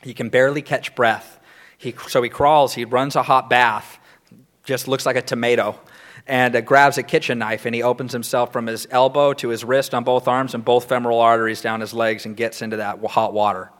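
A man sharing his recovery story as a sponsor, telling it candidly, acting out quotes and laughing through dark moments. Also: medium pitch, little pitch movement, a little fast.

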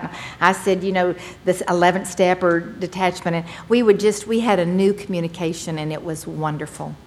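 A middle-aged woman, sharing her personal recovery story in an earnest, animated testimony to a meeting, with folksy phrasing. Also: fairly low pitch, a little hiss or hum.

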